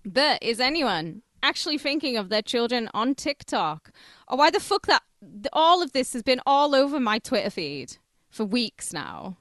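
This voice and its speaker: A woman's voice: a little high, sing-song, fairly bright tone, no echo, studio quality. A woman from Carlisle with a Cumbrian accent, co-hosting a comedy podcast in a teasing, giggly way. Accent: Cumbrian English. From Carlisle, England. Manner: giggly, teasing, quick to laugh. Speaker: podcast co-host. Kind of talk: casual comedic chat.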